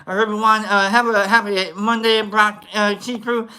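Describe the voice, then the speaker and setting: A livestream host in casual, goofy chat, rambling with many fillers while giving shoutouts to viewers. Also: mid-range voice, little pitch movement, moderate pace, clean tone.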